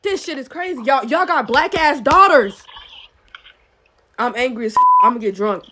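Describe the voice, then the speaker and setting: A woman in a furious, tearful rant, shouting in a social media clip. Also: high-pitched, lively intonation, moderate pace. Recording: loud background noise.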